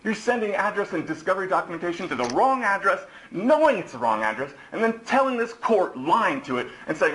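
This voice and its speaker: Hoarse defendant in his forties, heated and accusatory, with a high-pitched voice and faint background hiss. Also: sing-song, a little fast, hardly any pauses, sharp tone. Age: 40s. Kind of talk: courtroom address. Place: courtroom. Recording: echoey courtroom recording.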